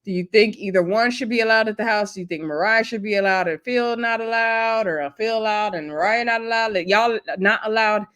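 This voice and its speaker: A woman vlogger giving a casual, animated recap of a reality show, acting out quotes and laughing often. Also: medium pitch, brisk, hardly any pauses, clear, resonant tone.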